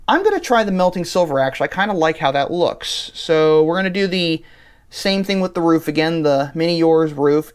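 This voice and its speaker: Casting: male host, smooth clear voice, relaxed think-aloud voice-over. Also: fairly high pitch. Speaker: channel host. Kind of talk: casual voice-over walking through an online car configurator.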